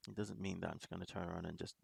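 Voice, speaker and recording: Gravelly low-voiced man rambling. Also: flat delivery, no room sound. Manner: rambling, halting, many restarts and laughs. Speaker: reaction video host. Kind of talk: casual commentary.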